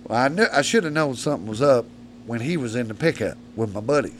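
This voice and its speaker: Rough-spoken man spinning rambling stories. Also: medium pitch, expressive, fast, slight background noise. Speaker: podcast guest, predator hunter. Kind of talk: casual storytelling. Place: studio.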